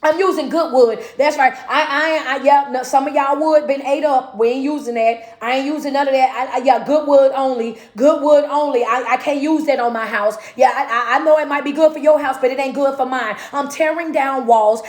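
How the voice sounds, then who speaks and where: A woman's voice: high voice, steady tone, fairly quick, few pauses, a little mellow, reverberant. A woman motivational speaker and life coach, giving a preachy, folksy talk that repeats and chants phrases and calls listeners "baby" and "y'all". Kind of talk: motivational live-stream talk.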